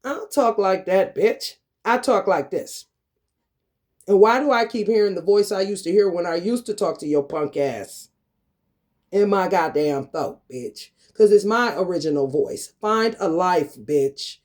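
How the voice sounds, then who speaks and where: A man's voice: sits high, lively intonation, measured pace. Man in an angry, profane rant. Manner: profane, confrontational, swings from loud to muttered. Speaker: vlogger. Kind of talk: angry ranting monologue.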